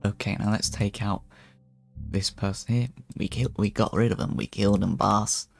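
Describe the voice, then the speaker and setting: A man's voice: on the low side, steady tone, normal speed, gravelly, soft background music. A man streaming as a VTuber, giving casual in-character gameplay commentary and rambling with frequent stumbling restarts.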